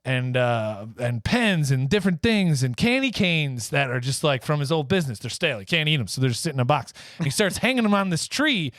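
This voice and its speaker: A man with a slightly high voice tells a silly story on a podcast, rambling and laughing as he plays out each character. The recording is close and dry. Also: sing-song, fairly quick, hardly any pauses, a bit bright, no room sound. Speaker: podcast co-host. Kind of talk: casual chat, storytelling a made-up movie plot.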